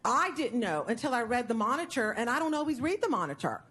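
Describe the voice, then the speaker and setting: A woman's voice: a little high, very animated, quick pace, fairly bright tone, husky. An older woman, speaking with passion and indignation during public comment at a city board meeting. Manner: impassioned, indignant, emotional.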